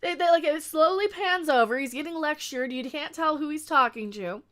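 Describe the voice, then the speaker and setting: A woman hosting a casual recap stream, animated and sarcastic, laughing often. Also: high voice, fairly quick. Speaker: show recap host. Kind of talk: casual livestream recap chat.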